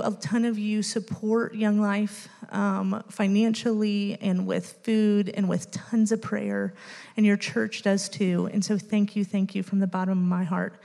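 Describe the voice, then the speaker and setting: Her voice is medium-pitched, gravelly, and warm, and a long reverb tail lingers after it. She is a late-30s youth ministry volunteer sharing an earnest church testimony, peppered with ums and growing emotional toward the end.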